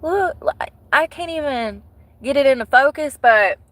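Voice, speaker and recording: A woman gossiping to her viewers in a bright, forceful, slightly high voice. Her talk is animated and salty, full of slang and blunt asides. The sound is close and dry, with no room around it. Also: moderate pace, no echo. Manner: animated, swears, breaks into laughter. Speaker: vlogger. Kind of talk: casual gossip chat to viewers.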